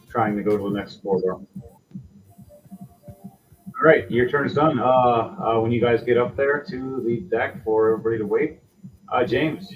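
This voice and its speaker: A man's voice: on the low side, recorded from a distance, lo-fi sound. A man running a tabletop role-playing game as game master, narrating in a casual, loose way with fillers.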